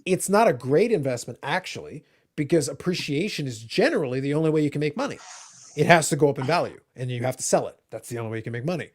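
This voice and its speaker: Male podcast host, wry and teasing, lively pitch, rapid patter. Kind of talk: casual podcast chat.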